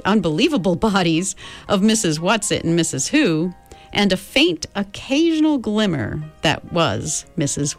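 A woman narrating a storybook with an expressive, lively, swinging delivery. Faint music plays beneath her reading. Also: on the low side. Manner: expressive, voices each character. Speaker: audiobook narrator.

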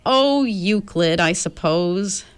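A woman's voice: mid-range voice, expressive, slow, clean tone, soft background music. A woman voicing an anxious, impatient teenage girl who pleads in a trembling voice, in a storybook reading.

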